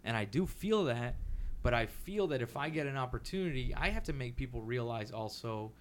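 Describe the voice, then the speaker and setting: A man from Texas with a Texan accent, a comedian in a loose podcast chat. He talks with energy and swearing and drops into quick voices of other people. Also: mid-range voice, slight background noise. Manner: animated, profane, quick impressions of others.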